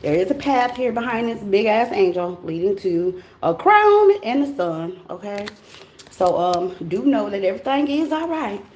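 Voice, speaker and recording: A woman's voice: medium pitch, big pitch swings, normal speed, darkish tone, reverberant, slight background noise. An American woman giving a casual tarot reading, talking bluntly and animatedly, with plenty of slang and swearing. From United States. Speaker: tarot reader.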